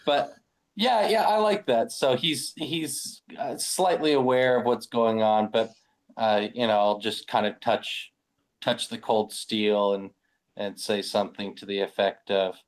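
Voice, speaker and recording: A man's voice: mid-range voice, unhurried. A man playing in a tabletop game, describing his character's ending hesitantly, with many fillers. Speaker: player.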